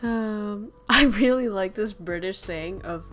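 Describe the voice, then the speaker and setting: A woman's voice: mid-range voice, slow pace, a bit bright, soft background music. A woman hosting a casual chat stream, joking and rambling, laughing often and swearing casually. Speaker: streamer host.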